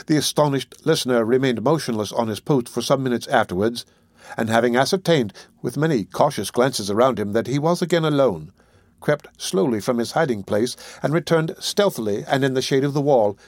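A man reading a classic novel aloud as narrator, steady and measured. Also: mid-range voice, dry recording, studio quality.

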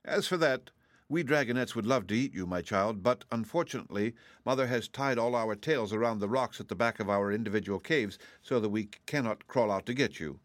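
A rasping, haughty young dragonette who drawls with formal politeness while admitting it would gladly eat you, as a man reads it in a storybook. The voice sits somewhat higher than his own low tone. It is recorded dry and close. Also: a little fast, no echo, lightly acted. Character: young dragonette, sixty-six, proud and polite, hungry. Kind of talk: audiobook reading.

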